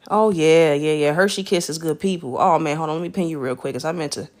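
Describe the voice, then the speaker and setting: A woman's voice: deep voice, fairly quick. Slangy woman chatting from bed. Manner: animated, slangy, greets viewers by name. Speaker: live streamer. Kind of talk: casual livestream chat. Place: lying in bed at home.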